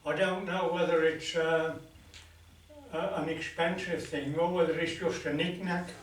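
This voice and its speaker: A man's voice: a little high, flat delivery, measured pace, far from the mic, close to an everyday voice. A flustered, unsure young bank clerk , as a man puts her on in a joke, her voice lifted a bit above his own. It carries from afar in an echoey club room. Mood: fretting. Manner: uncertain, fretting.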